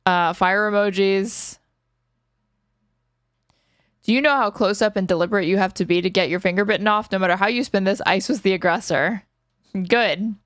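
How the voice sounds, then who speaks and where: A woman hosts a live stream, tossing out sarcastic, profane asides between news clips. Her voice is clear and smooth. The recording is close and dry. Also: mid-range voice, brisk, long pauses, dry recording. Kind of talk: casual live-stream commentary.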